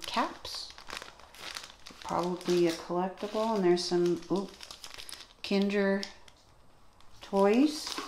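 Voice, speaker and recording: Woman vlogger, unhurried, thinks aloud over each item; echoey room, audible background noise. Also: lowish voice. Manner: slow, musing, talks to herself, gasps with delight at finds. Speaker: vlogger unboxing toys. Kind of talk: casual unboxing commentary.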